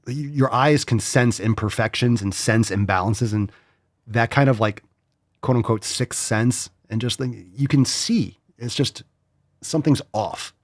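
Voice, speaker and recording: A man's voice: mid-range voice, unhurried, dry recording, studio quality. A man hosting a podcast, talking bluntly and profanely in casual chat, mocking others in put-on voices. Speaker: podcast host.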